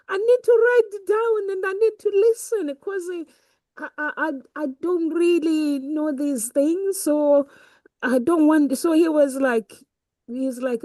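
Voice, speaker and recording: Female co-host, mellow and emphatic, recorded dry. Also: high voice, measured pace, dry recording. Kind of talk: casual chat.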